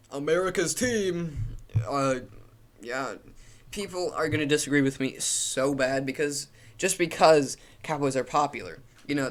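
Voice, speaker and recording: A man's voice: mid-range voice, fairly bright tone. A young man giving a casual, opinionated commentary while ranking logos, rambling with frequent restarts and fillers.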